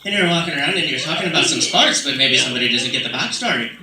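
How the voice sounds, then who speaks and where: A man's voice: medium pitch, lively intonation, very fast, sharp tone, slight background noise. A man doing a rambling stand-up comedy set, full of fillers and asides. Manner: rambling, many fillers, slips into put-on British accents. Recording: roomy sound from a distant mic, faint ambience.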